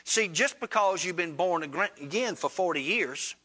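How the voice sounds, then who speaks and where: A man's voice: expressive, moderate pace, pushed and bright, breathy edge. A man preaching a sermon, retelling a story in plain, folksy speech and acting out both sides of the dialogue. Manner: retells dialogue with rising pitch, Southern colloquial grammar.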